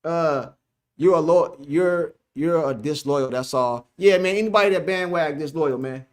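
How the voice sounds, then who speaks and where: A man's voice: fairly high pitch, measured pace. A man hosting a casual sports live stream, reading the chat aloud, joking, laughing and repeating himself.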